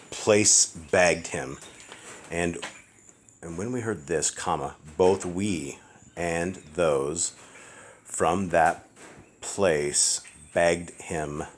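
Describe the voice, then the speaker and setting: A man proofreading scripture aloud, dictating it slowly word by word with the punctuation and spelling some names letter by letter. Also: deep voice, a little hiss or hum. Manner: slow, deliberate read-aloud with spelled-out words and quick asides. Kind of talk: dictating a text aloud, line by line. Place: house with barking dogs nearby.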